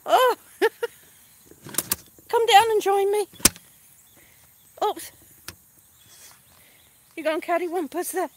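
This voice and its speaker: Breathless high-voiced woman flying a drone. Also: measured pace, long pauses, background noise. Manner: excited, laughing often. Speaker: vlogger. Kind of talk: casual live vlog.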